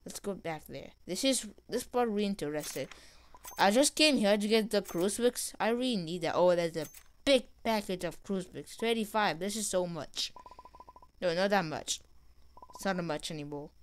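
An excitable woman narrates a game as she plays, reading the dialogue aloud. Her voice is smooth and clear, at a middle pitch. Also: normal speed. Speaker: gamer. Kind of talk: gameplay commentary.

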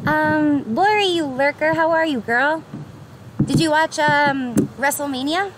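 Young New York woman, high-pitched bubbly streamer; outdoor pier, heavy traffic noise. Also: a little slow. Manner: bubbly, upbeat, greets chatters by name, laughs often. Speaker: livestreamer. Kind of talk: casual live-stream chat with viewers.

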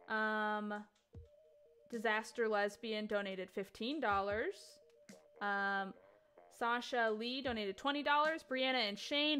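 Woman host, bubbly, casual chat, bright forceful voice, somewhat high, faint music behind. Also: smooth. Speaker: stream host. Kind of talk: casual chat, reading donations.

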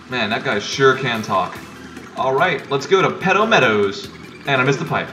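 A man's voice: medium pitch, very animated, normal speed, highs cut off, a little hiss or hum. A man casually commenting as he plays a video game, offhand and joking. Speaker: let's player. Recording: distant mic with loud game music.

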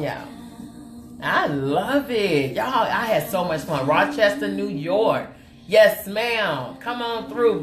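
A woman from Oklahoma hosting a makeup livestream, chatting in a sassy, playful way and calling out to viewers by name. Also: medium pitch. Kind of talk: casual livestream chat with viewers. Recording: roomy sound with faint music.

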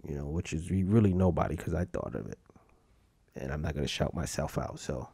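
A man's voice: very deep voice, brisk, vocal fry, mellow, breathy edge, no room sound. A man hosting a podcast, talking in a rambling, self-mocking solo rant. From United States. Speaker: podcast host. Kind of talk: casual solo podcast monologue.

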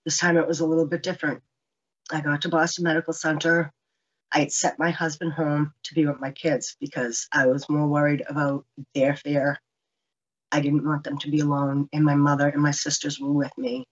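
A woman's voice: low voice, level tone, normal speed, highs cut off. A woman in her fifties telling her own survival story earnestly, acting out what people said to her. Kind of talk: personal testimony.

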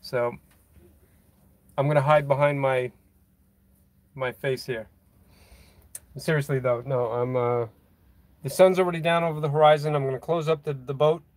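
A vlogger speaks into a handheld phone during a boatyard livestream, his mid-range voice fairly even in intonation, moderately paced and free of echo, with many pauses. Reading viewer comments, he rambles casually, makes fun of himself and chuckles frequently.

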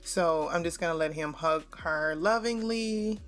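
Female gaming host, lowish voice, chatty casual commentary, faint game music behind. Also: unhurried. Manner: chatty, talks straight to viewers.

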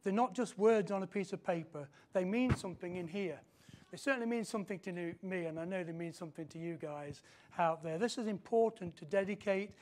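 A British man, a pastor, leading a child dedication in a church service, mixing light jokes with slow, deliberate scripture reading. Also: high-pitched. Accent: British English. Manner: warm, jokey asides mixed with slow scripture reading.

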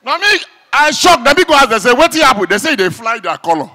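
A Nigerian Pidgin-speaking comedian with a high, bright voice that leaps all over its range. He acts out every character and shouts the sound effects. The long reverb of a live hall trails behind him. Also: sing-song, racing. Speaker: stand-up comedian. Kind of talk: stand-up comedy routine.

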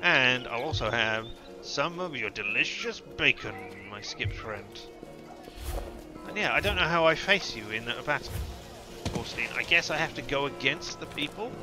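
A man talks his way through a video game in a loose, rambling way, exclaiming whenever something hits him. His voice sits at an ordinary middle pitch. Loud game music plays underneath the whole time. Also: animated, moderate pace. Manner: chatty, rambling, yelps when hit. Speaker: gameplay commentator. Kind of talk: let's-play commentary.

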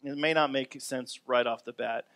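A man's voice: medium pitch, steady tone, moderate pace, fairly bright tone. A man preaching a sermon in a conversational, upbeat way, acting out everyday complaints to make his point. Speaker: pastor.

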